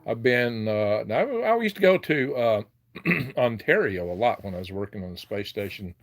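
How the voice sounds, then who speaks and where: A man's voice: on the low side, very animated, moderate pace. An older man with a Southern US accent hosting a casual live chat into a handheld phone, folksy and chuckling often. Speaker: livestream host.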